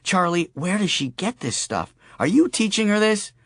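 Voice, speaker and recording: A man's voice: high voice, big pitch swings, normal speed, a bit bright, no room sound, clean studio sound, pitched above the performer's own voice, full character voice. A man voicing a brash, swearing sister. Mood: blunt. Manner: brusque, teasing and swearing. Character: blunt brash adult woman, sister.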